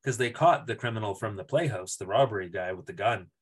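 A man's voice: on the low side, quick pace, slightly rough. A man co-hosting a podcast, recapping a TV episode in casual chat, acting out the characters' lines and laughing often. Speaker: podcast co-host.

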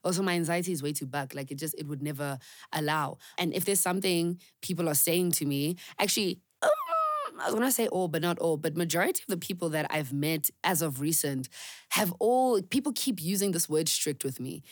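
A woman's voice: deep voice, a little fast, no echo, clean studio sound. A young woman hosting a podcast, talking candidly and earnestly in a reflective monologue full of fillers and emphatic repeats. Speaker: podcast host.

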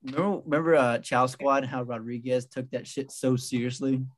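Young guy army buddy, mid-pitched voice, teasing banter, faint hiss behind. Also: flat delivery, normal speed. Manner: teasing, joking. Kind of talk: casual chat.

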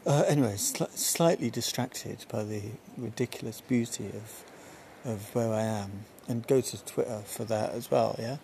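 A man's voice: medium pitch, moderate pace, gravelly, dark tone, slight background noise. A man hosting a solo podcast outdoors on a balcony, chatting casually and wandering off on tangents. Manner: rambling, jumps between tangents. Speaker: podcast host.

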